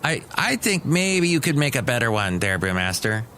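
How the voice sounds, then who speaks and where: A man's voice: mid-range voice, big pitch swings, normal speed, bright, forceful tone, a little hiss or hum. A middle-aged man hosting a solo comedy podcast, chatty, wry and meandering. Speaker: podcast host.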